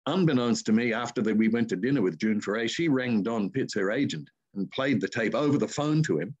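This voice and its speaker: A man's voice: medium pitch, fairly quick, slightly rough, dull audio. An older man with an Australian accent, a voice artist telling rambling anecdotes as an interview guest. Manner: rambling anecdotes with lively asides. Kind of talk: casual interview storytelling.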